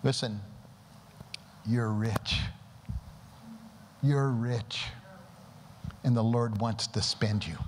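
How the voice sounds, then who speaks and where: A man preaches to a congregation at a mid-pitched, ordinary register, praying aloud and pressing the room with rhetorical questions. His voice rings out into a long hall reverb. A faint background hum sits under it. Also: fairly even intonation, drawn-out words, pauses often. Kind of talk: sermon. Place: church service before a congregation.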